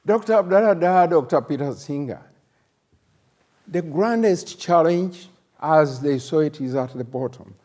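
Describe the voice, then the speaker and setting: Older man, from uganda, conference plenary talk, fairly high voice, halting with fillers. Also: lively intonation, darkish tone. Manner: halting, many fillers and restarts; emphatic rhetorical questions. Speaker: plenary host, professor.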